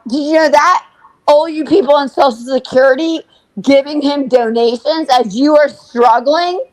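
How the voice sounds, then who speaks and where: A woman's voice: sits high, normal speed, darkish tone, no room sound, low-quality recording. A woman co-hosting a livestream, ranting furiously and swearing constantly. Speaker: co-host. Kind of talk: livestream commentary.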